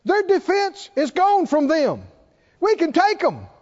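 A man's voice: very high-pitched, measured pace, pitched above the performer's own voice, full character voice. A man voicing eager, confident male spies who rally a crowd to fight, in a dull recording with long reverb. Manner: excited, rallying.

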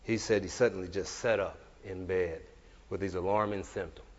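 A male preacher delivering a sermon. He swings between emphatic, shouted declarations and relaxed, chatty storytelling. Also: low-pitched, normal speed. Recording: reverberant hall, dull lo-fi sound.

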